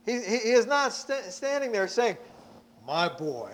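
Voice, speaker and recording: A man's voice: very high-pitched, normal speed. A man preaching a sermon, emphatic, repeating words as he presses his points.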